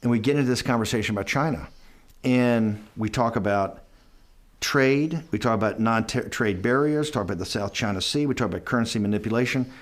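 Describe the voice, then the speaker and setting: A middle-aged man answers questions in a documentary interview, spinning a long story at a mid pitch. He acts out the other people's lines as he goes and keeps stopping to restart his sentences. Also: brisk. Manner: anecdotal, acts out dialogue, restarts often.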